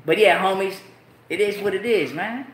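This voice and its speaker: A man's voice: sits high, normal speed, a bit bright. Profane, slangy man in roomy echo. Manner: profane, slangy street talk, repeats himself. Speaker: show host. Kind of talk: casual livestream rant.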